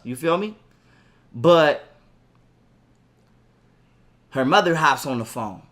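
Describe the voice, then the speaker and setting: A young man telling a heated story in a profane, animated way and acting out what people said. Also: on the high side. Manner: profane, animated, acts out quotes. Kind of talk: casual ranting story.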